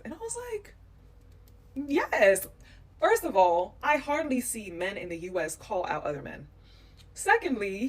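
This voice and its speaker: A woman from the United States telling stories to camera, animated and emphatic. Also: mid-range voice, distant mic. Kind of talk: storytelling vlog.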